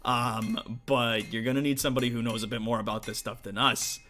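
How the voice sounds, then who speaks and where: A man voicing a burly, blunt orc woman armorsmith who talks loudly and swears casually. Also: medium pitch, steady tone, fairly quick, lightly acted. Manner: loud, coarse, swears casually.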